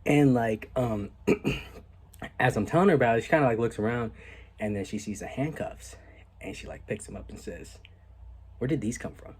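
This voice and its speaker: A young man casually telling a story on his vlog, animated and laid-back, with a lot of "like" and some swearing. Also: mid-range voice, normal speed, slightly rough. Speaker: vlogger.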